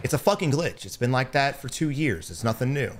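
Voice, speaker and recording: A young man giving blunt, profane gameplay commentary as a streamer, breaking into loud excited bursts. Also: mid-range voice, brisk, noisy background. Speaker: gaming streamer.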